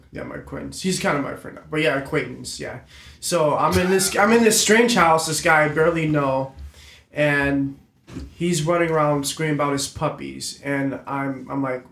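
A man's voice: fairly high pitch, vocal fry, a bit bright. A man telling a rambling, swear-laced story in a casual chat with friends, full of restarts. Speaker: storyteller on a group podcast. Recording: roomy echo.

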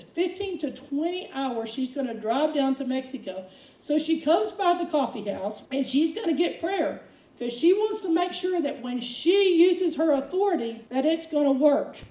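Woman, sermon, high mellow voice, roomy echo, mic at a distance. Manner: storytelling, animated quoting. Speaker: preacher. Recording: echoey room, from far off.

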